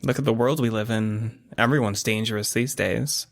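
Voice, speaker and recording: A man's voice: on the low side, steady tone, normal speed, vocal fry, no room sound, clean studio sound. A man voicing a teasing, streetwise teenage girl in a tabletop game, with a lazy, sly drawl. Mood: blunt. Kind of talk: tabletop actual-play character voice.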